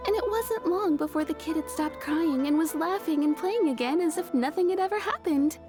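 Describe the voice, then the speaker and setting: A woman's voice: very high voice, a little fast. A woman voicing a cheerful townswoman in a video game, telling a story in a chatty, amused way. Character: cheerful townswoman, kimono maker, amused and frank. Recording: game dialogue over music.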